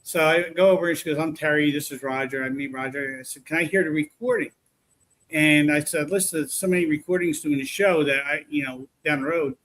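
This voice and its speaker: A man's voice: fairly high pitch, brisk, a little hiss or hum. A man casually telling a long, rambling story about his paranormal investigations, full of restarts. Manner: rambling, animated retelling with restarts.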